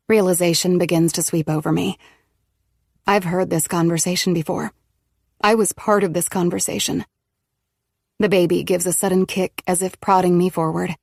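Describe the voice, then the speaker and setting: A woman narrating a first-person audiobook in a steady, measured way. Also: fairly low pitch, creaky, dry recording, studio quality.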